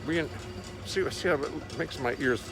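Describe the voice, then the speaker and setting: A man's voice: on the high side, normal speed, a bit bright, faint music behind. A man chatting casually and jokingly on a livestream from his studio, greeting viewers by name. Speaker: musician hosting a livestream. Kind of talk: casual chat. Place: home studio by a window.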